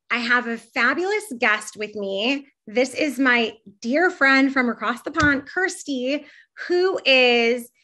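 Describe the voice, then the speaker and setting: Gushing woman host, higher voice. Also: a bit bright. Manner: gushing, enthusiastic, rambling. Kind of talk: casual interview chat.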